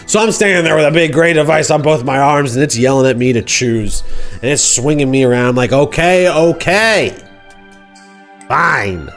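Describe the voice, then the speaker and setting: Rambling man spinning a goofy tale. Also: fairly high pitch. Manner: rambling, playful, self-interrupting. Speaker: streamer host. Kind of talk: improvised comic storytelling.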